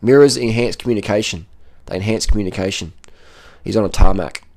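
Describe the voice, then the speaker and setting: A man's voice: lowish voice, brisk, darkish tone. A man giving casual running commentary on race footage as a cycling vlogger, blunt and profane, repeating short phrases.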